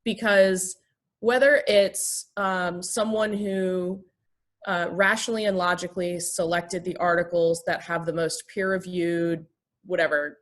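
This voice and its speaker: A woman's voice: lowish voice, steady tone, measured pace. A woman minister and therapist, a guest in an interview, explaining things thoughtfully with frequent ums and restarts. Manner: acts out example dialogue in a lifted, gentle voice.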